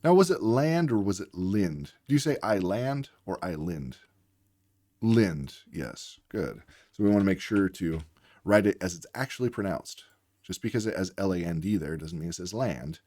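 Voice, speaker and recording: A man's voice: low-pitched, very animated, a little fast, dark tone, dry recording. A man working as a reading tutor, patiently explaining word spellings while acting out both teacher and student. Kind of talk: instructional demonstration.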